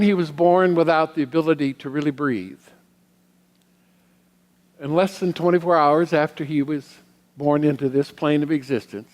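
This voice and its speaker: A middle-aged man giving a sermon as a guest minister. He tells personal stories in a reflective way, with pauses. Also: on the high side. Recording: long hall reverb.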